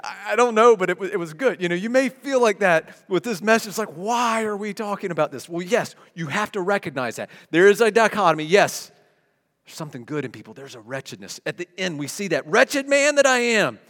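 A man's voice: sits high, lively intonation, fairly quick, a bit bright. A middle-aged man preaching a sermon to his church, moving from conversational asides to emphatic declarations. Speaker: pastor. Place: church sanctuary. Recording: long hall reverb.

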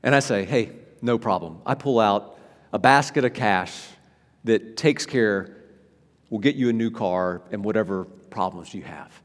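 A man preaching a sermon to a congregation, animated, with frequent restarts, swinging from loud emphasis to quiet, soft passages. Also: on the low side, a little slow, long reverb tail. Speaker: pastor.

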